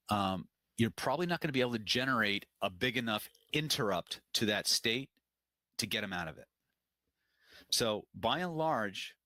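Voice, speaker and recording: A man leading a webinar, teaching in a conversational way and telling animated stories with frequent fillers. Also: fairly low pitch, no echo. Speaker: webinar instructor.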